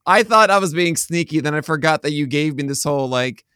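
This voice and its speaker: A man co-hosting a podcast, chatting casually and joking, often trailing off into quieter asides. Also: fairly high pitch, animated, fairly quick, clean tone, dry recording, clean studio sound. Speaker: podcast co-host. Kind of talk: casual chat.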